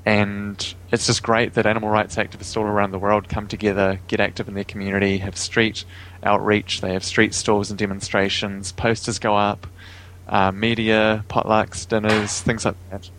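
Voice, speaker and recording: A man's voice: on the low side, level tone, moderate pace, a bit bright, poor audio. A man with a New Zealand accent, a guest talking casually in an interview over a remote call, easygoing and chuckling often. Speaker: guest, vegan activist.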